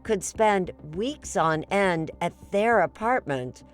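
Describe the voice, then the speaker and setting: A woman correspondent narrating a true-crime report and asking interview questions in a measured, deliberate way. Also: medium pitch, expressive, faint music behind.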